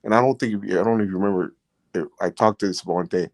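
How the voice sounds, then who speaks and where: Low-voiced man, rambling storyteller. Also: fast talker, a little mellow, no room sound. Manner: rambling, leans heavily on "you know" fillers; earnest and emotional when recounting his experiences. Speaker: podcast host, former prisoner. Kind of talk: casual storytelling.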